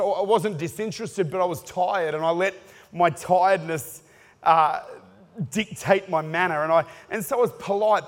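A high-pitched man preaches a sermon, full of jokes and stories that build to shouts. His voice rings out with a long reverb tail from a big hall. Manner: animated, joking storytelling with bursts of shouting.

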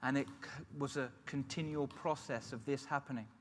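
A man's voice: mid-range voice, fairly even intonation, moderate pace, a little hiss or hum. A middle-aged man giving an emotional personal testimony as a sermon, telling his story earnestly. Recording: long hall reverb.

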